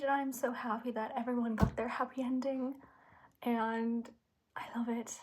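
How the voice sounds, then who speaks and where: Excitable young woman gushing about a book. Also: on the high side. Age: young adult. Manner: excitable, gushing, often drops to a whisper when nervous. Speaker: book vlogger. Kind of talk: casual vlog talk to camera.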